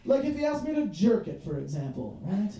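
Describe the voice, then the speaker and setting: A young man rambles through a stand-up set with a loose, chatty delivery. His voice sits mellow and low-key. The sound comes from well back in an echoey bar. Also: very animated, brisk. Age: 20s. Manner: loose, rambling, lots of "like" and "you know what I mean". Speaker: stand-up comedian. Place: bar stage in front of a live audience. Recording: roomy bar recorded from a distance.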